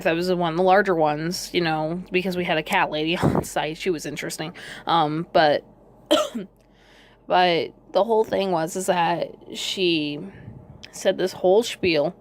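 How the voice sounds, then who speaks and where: A woman with a worn-out, hoarse voice telling a long rambling story, casually swearing along the way. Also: lowish voice, fairly even intonation, normal speed. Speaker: video creator telling a pet story.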